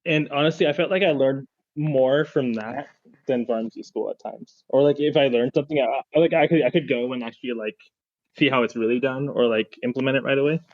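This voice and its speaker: A young man chats casually and rambles through a long personal story, full of "like" and false starts. His voice sits at an ordinary pitch, and the audio is a little dull and lo-fi. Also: brisk. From Phoenix, Arizona. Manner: rambling, filler-heavy storytelling with many restarts. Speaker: podcast panelist, pharmacist.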